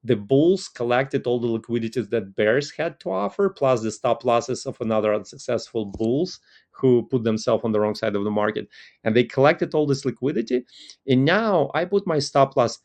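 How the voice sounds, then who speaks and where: A man's voice: mid-range voice, darkish tone. A man with a Russian accent giving a loose, conversational talk on market analysis as a trading educator, full of "like" fillers.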